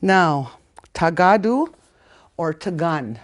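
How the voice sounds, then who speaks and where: A woman from Canada leads a relaxed spoken language lesson in a slightly low voice. She repeats each word slowly for her learners. She leans hard on the stressed syllables as she says them. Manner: animated, stresses words strongly when saying them. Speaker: language teacher.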